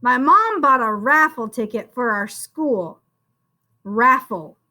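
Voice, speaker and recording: Woman teacher, phonics lesson, high sing-song voice, slow and bright. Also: sing-song. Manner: slow, sing-song, encouraging, calls the listener "friend". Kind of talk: phonics spelling lesson for young children.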